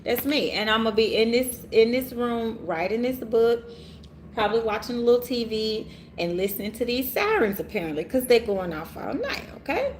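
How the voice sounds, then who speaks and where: A woman reader hosting a casual livestream, animated and laughing often, talking straight to her viewers in a room in the city. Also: on the high side, moderate pace, a little hiss or hum. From Orange Mound, Memphis area, USA. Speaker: tarot reader and livestream host. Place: city hotel room, sirens outside.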